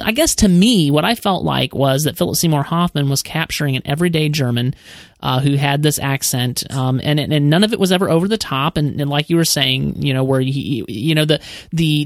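A man's voice: a little high, no room sound, studio quality. A man, hosting a casual podcast discussion and thinking aloud in a rambling way with many restarts. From United States. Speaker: podcast host.

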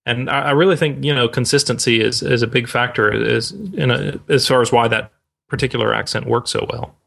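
Male film reviewer on a casual podcast; gravelly, mid pitch, measured delivery. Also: fairly bright tone.

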